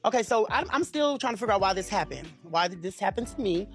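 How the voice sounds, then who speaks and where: A man giving an interview, emotional and halting, often restarting and repeating himself. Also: high-pitched, lively intonation, soft background music. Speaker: interview guest.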